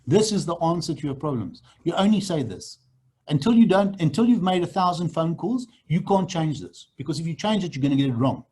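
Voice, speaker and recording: A man's voice: a little high, expressive, a little fast, darkish tone, slightly rough. A man running a sales training on a video call, blunt and repetitive. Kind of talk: online training session.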